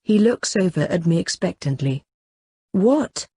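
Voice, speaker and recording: A woman narrating an audiobook in a steady first-person reading. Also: fairly low pitch, measured pace, no echo, clean studio sound. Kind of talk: scripted narration.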